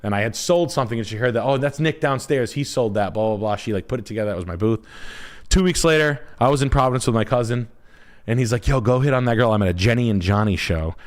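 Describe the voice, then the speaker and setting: A man's voice: mid-range voice, quick pace. Rambling, cursing male streamer. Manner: rambling, profane, trails off searching for words. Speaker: realtor and stream host. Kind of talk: casual storytelling on a live stream.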